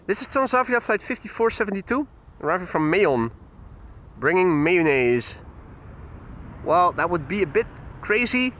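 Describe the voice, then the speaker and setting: A man hosts a live plane-spotting stream, chatting and laughing as he reads out viewer comments. His voice sits high and sounds bright and crisp. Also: animated, brisk, hardly any pauses, a little hiss or hum.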